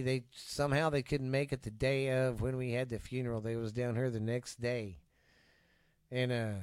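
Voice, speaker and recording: Texan man, middle-pitched, rambling cussing storyteller on a close, dry mic. Podcast host. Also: clear, resonant tone, no room sound. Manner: rambling storyteller, swears freely, trails off with fillers. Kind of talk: casual podcast chat.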